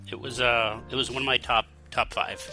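A man's voice: medium pitch, steady tone, brisk, sharp tone, faint music behind. A man hosting a gaming podcast in casual chat, asking questions and talking with many likes. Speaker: podcast host.

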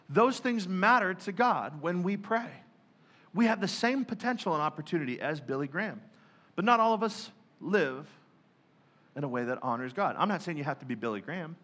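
Bright-voiced male pastor preaching. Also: high voice, moderate pace. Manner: lively, joking, acts out prayers in mock voices. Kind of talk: sermon.

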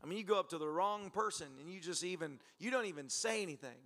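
Animated, bright-voiced preacher man. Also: high-pitched, fast. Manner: animated, laughing storyteller who acts out exchanges. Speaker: pastor. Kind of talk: sermon with storytelling. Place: church service.

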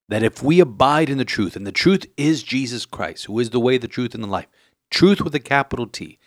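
A man's voice: mid-range voice, no echo, clean studio sound. A man, a Catholic priest, giving an earnest homily with many "you know" fillers.

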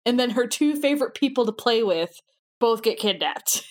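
A woman's voice: on the high side, expressive, normal speed. A woman co-hosting a podcast, chatting casually in an enthusiastic, giggly way. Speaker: podcast co-host. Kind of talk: casual chat.

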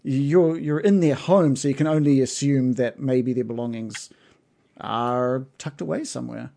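A man's voice: medium pitch, moderate pace, gravelly, warm tone. A man narrating as game master of a tabletop game, casual and hesitant. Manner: casual, hesitant with many ums.

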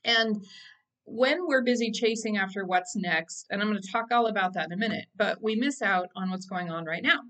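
A woman's voice: mid-range voice, moderate pace, a bit bright. A woman hosting her own podcast, talking casually with lots of fillers and restarts and laughing at herself. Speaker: podcast host. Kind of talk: casual solo podcast monologue.

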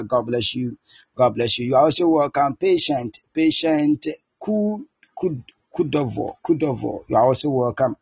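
A man pastor preaching and praying fervently on an online prayer line, with impassioned, repetitive declarations and shouted peaks. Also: medium pitch, breathy edge, dry recording. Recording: dull lo-fi sound with faint music.

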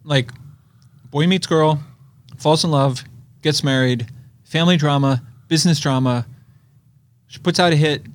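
Male co-host, casual film chat, opinionated, slightly higher voice. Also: unhurried, long pauses, no room sound. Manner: opinionated, animated storyteller.

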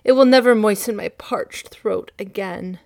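A woman's voice: medium pitch, a little slow, no room sound, studio quality, close to an everyday voice. A woman voicing a grieving, despairing king in a storybook reading, pleading and anguished.

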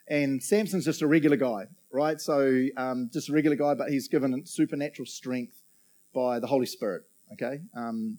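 A man with a mid-range, darkish voice gives a casual sermon. Chatty and full of jokes, he keeps checking in with the audience after almost every point.

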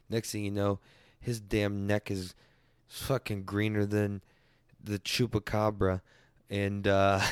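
A man's voice: fairly low pitch, clear, resonant tone, no room sound, studio quality. A man hosting a casual chat stream, rambling, crude and joking as he answers viewers.

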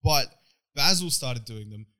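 Podcast co-host, male, from Ireland, bright tone, dry teasing delivery, swears freely. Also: mid-range voice, animated, a little slow. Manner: laid-back storyteller, dry teasing. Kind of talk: casual banter with swearing.

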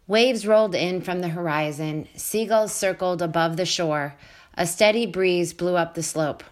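A woman reading a children's novel aloud with clear, steady storytelling. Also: on the low side, unhurried. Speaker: storybook reader.

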